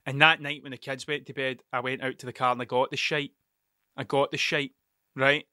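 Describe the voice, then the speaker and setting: A man's voice: medium pitch, little pitch movement, brisk, pushed and bright, no room sound, studio quality. A Scottish man in his thirties with an Ayrshire accent, hosting a podcast and telling a rambling, sweary story that keeps wandering off track. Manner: sweary, digressive, restarts mid-sentence. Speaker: podcast host.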